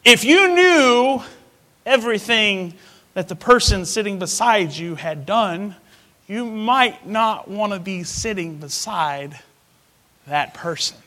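A man delivers a sermon in a high voice, stacking phrase upon phrase as he builds emphasis. His tone is bright and ringing, and he calls the congregation to repeat after him. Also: slow. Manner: preaching with rising emphatic repetition. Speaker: pastor.

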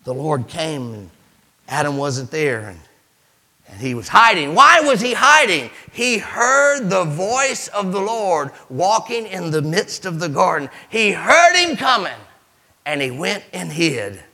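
Animated man preaching a dramatic sermon. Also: high voice, a little slow. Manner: dramatic storytelling, acting out voices, swings from hushed to shouting.

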